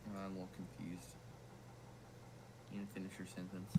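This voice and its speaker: A young man with a Southern US accent, chatting casually while hosting a weather livestream, tripping over his words when excited. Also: low voice, normal speed, background noise. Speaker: weather stream host.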